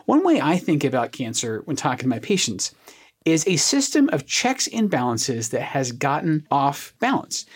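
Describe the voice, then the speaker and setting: An oncologist explaining medical research on a podcast in an animated way, leaning on everyday analogies. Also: medium pitch, breathy edge.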